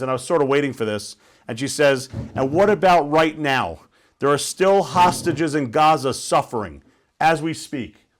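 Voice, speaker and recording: A man giving a conversational talk to an audience, telling a story and asking listeners questions. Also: a little high. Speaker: guest speaker.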